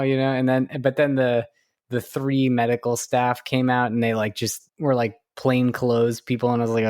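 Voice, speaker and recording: A man co-hosting a podcast in casual chat, talking in a relaxed way full of "like" and "you know". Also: mid-range voice, moderate pace, no room sound, studio quality. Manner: relaxed, filler-heavy talk with frequent likes. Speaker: podcast co-host.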